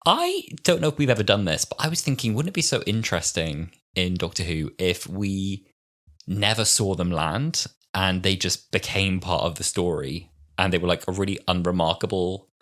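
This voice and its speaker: A man's voice: sits low, animated, normal speed, fairly bright tone. A man in his twenties co-hosting a podcast in casual chat, rambling and laughing often. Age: 20s. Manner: rambling, laughs often, trails off mid-thought. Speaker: podcast co-host.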